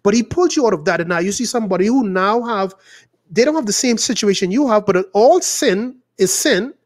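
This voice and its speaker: A male pastor preaches with fervor, and his voice sits fairly high for a man. He swings between loud climbs and low, drawn-out phrases, slowing right down on the words he wants to land. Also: lively intonation. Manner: fervent, rising and falling, stretches words for emphasis. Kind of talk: preaching prayer and sermon.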